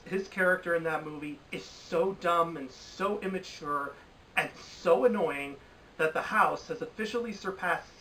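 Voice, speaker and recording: A man's voice: a little high, sharp tone, recorded from a distance, slight background noise, rough recording. Emphatic, exasperated young man reviewing films. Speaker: film commentator. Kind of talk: opinionated commentary. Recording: voice a bit off-mic with faint ambience.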